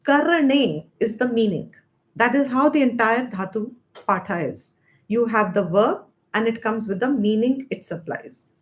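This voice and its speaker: A woman teacher leads a Vedanta study session. Her voice sits a little high, and she explains Sanskrit terms patiently as she tells the story behind the text. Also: animated, measured pace. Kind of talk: spiritual study lesson.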